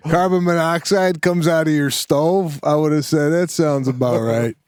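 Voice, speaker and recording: A man in casual chat, asking questions and cracking dry, deadpan jokes. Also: a little high, normal speed, clean tone, no echo.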